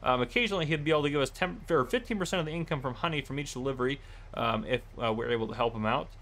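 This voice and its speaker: Easygoing gravelly man narrating gameplay. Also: medium pitch, very fast, fairly bright tone. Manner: easygoing, rambling with many fillers. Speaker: gameplay channel host. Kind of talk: casual gameplay commentary.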